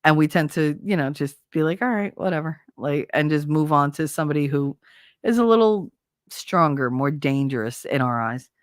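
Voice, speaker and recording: A woman's voice: sits low, normal speed, no echo, clean studio sound. A woman from New Jersey with a Jersey accent and a slight Southern twang, hosting a podcast as casual, opinionated chat, blunt and profane. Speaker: podcast host.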